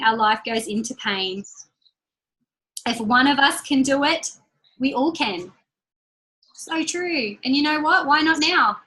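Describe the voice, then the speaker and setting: Bright, high-voiced motivational woman. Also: rough recording. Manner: upbeat, repeats key lines slowly for emphasis; chatty and personal, laughs between points. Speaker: team leader giving a training call. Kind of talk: motivational talk on a group call.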